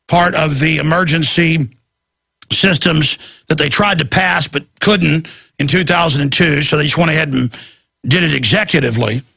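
A man's voice: on the high side, creaky, sharp tone, no echo. A man hosting a show, delivering an urgent, insistent ranting monologue to his viewers. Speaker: host.

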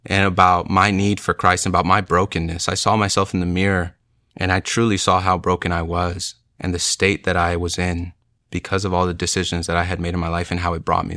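Young man, low voice, sharing a heartfelt testimony, emotional and earnest, dry close sound. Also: pushed and bright, no echo. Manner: earnest, emotional, with frequent "you know" fillers. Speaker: speaker sharing a conversion testimony. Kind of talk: personal testimony, casual storytelling.

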